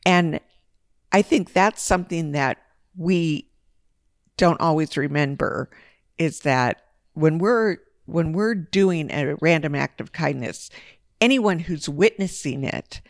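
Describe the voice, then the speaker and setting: A woman co-hosting a podcast, telling a personal story in a casual, lively way with big jumps in pitch. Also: takes it slowly, no echo, clean studio sound. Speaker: podcast co-host.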